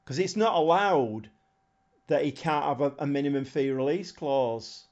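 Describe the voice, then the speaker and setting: A man's voice: a little high, unhurried, darkish tone, lo-fi sound. A man chatting casually on a live stream, thinking aloud in a rambling way and chuckling often. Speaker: game streamer.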